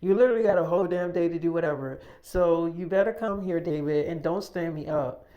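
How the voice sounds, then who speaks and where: A man's voice: fairly high pitch, fairly quick, dark tone, lo-fi sound, natural voice. A man voicing a pushy, impatient young woman in an improvised audio story, exasperated and swearing. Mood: bossy.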